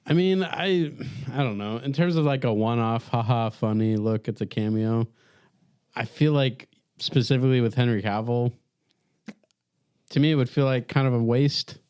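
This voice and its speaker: A man co-hosting a podcast, giving measured opinions in casual chat. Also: medium pitch, darkish tone, clear, resonant tone, dry recording, studio quality.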